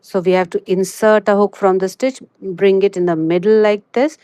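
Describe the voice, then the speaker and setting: A chatty woman livestreams a crochet tutorial, chatting as she goes and filling pauses with "you know." Her mid-range voice is mellow with fairly even intonation, and the recording is dry.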